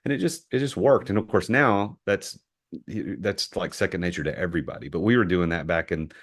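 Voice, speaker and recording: A middle-aged American man with a very deep, low voice tells a story as a podcast guest. He speaks in an animated way and stumbles over the start of sentences, repeating a word or two before pressing on. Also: fairly quick. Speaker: entrepreneur guest.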